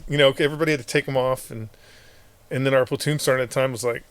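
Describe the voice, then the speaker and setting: A man's voice: medium pitch, fairly even intonation, very fast, clean tone, dry recording. A middle-aged man, a former Marine hosting a podcast, telling war stories in casual, profane talk, laughing often and acting out what others said. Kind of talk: casual storytelling.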